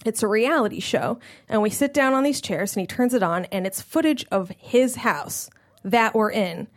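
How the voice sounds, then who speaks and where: A woman telling a comedic personal story in an animated way, acting out the voices of the people in it. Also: mid-range voice, moderate pace. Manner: animated, acts out quoted voices.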